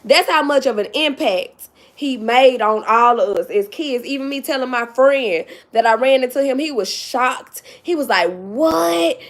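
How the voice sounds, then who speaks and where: A woman's voice: high voice, normal speed, hardly any pauses. A woman chatting on her livestream, emphatic and tearful with joy, calling her viewers "baby" and "y'all". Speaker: YouTube vlogger. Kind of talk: casual livestream chat.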